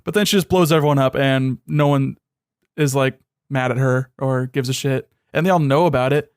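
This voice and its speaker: A young man co-hosting a podcast, sardonic and profane, often dropping into a low, dismissive mutter. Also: fairly even intonation, moderate pace, clean tone, no room sound, clean studio sound. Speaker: podcast co-host. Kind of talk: casual chat.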